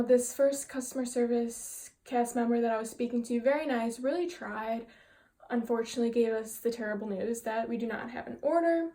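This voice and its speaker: A young woman with a slightly high voice recounts a story to her viewers in a sit-down vlog. She talks in an animated, exasperated way, acting out both sides of a phone call as her frustration builds. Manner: frustrated, animated retelling with quoted dialogue. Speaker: vlogger telling a story.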